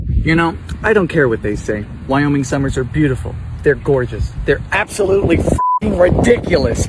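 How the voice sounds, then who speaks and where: Campy man with lively, swooping delivery. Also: high-pitched, background noise. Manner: campy, sarcastic quips and sudden loud exclamations. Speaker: vintage recipe cooking host. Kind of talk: comedic cooking commentary.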